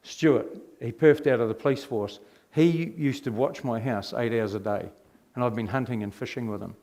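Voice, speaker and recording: Sharing his own life as a testimony, this middle-aged man from New Zealand talks at a moderate pace in a lively manner. His pitch is typical for a man, and he frequently poses rhetorical questions to his listeners.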